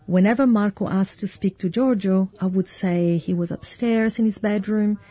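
A woman giving an interpreter's voice-over, calm and measured. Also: mid-range voice, slightly rough, dull audio. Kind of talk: translated voice-over.

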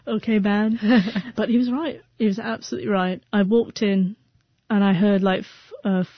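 A woman's voice: mid-range voice, steady tone, moderate pace, no echo, lo-fi sound. Woman who stutters telling her story. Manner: stutters, with repeated sounds and restarts. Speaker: interview guest. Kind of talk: personal storytelling interview.

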